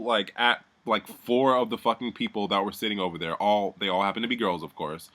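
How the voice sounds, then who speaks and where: A man's voice: on the low side, a little fast, hardly any pauses, sharp tone. A man giving a casual, sardonic recap of a reality show, swearing freely and rambling as he goes.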